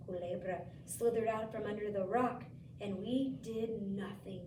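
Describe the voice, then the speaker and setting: A woman teacher reading a picture book aloud to a child, asking gentle questions and giving the characters lively voices. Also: mid-range voice, normal speed, a little hiss or hum. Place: school room. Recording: echoey room, mic from far off.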